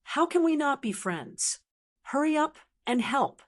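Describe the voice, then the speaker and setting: A woman voicing a foul-mouthed, whiny male talking blackbird in an audiobook, with a sharp voice and a constant stream of complaints and curses. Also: high-pitched, sing-song, measured pace, pitched above the performer's own voice. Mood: pleading. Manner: cursing and complaining. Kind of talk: audiobook character reading.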